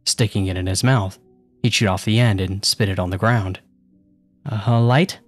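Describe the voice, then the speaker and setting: A man's voice: sits low, steady tone, moderate pace, dry recording, soft background music. A man narrating a first-person horror story with a casual, sarcastic tone.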